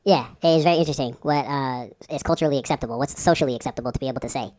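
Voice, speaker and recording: A man in his forties co-hosting a casual chat podcast, laid-back and joking, quick to laugh. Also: mid-range voice, darkish tone. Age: 40s. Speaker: podcast co-host.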